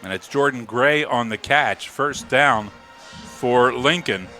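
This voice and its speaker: A man calling live football play-by-play, rising to excited calls on big plays. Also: mid-range voice, slow, soft background music. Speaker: play-by-play announcer.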